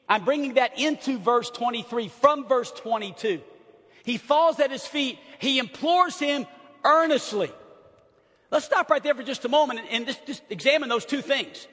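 A middle-aged male pastor preaches with impassioned delivery. His voice sits very high and rings bright and forceful. The church hall gives a long reverb. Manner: impassioned preaching, swings from hushed to shouting. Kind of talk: sermon. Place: church sanctuary.

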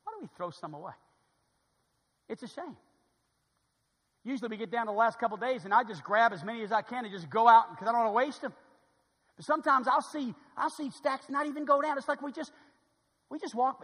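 Male pastor, fervent sermon delivery, high voice, echoing sanctuary. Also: big pitch swings, a little fast, pauses often. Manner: builds from quiet storytelling to loud fervent preaching.

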